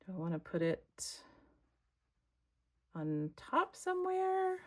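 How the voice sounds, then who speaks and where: A woman with an American accent, chatting casually to her viewers while she makes a collage, thinking out loud as she works. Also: mid-range voice, big pitch swings, takes it slowly. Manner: chatty, thinks aloud, talks to viewers as y'all. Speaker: craft vlogger. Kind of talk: casual crafting chat to camera.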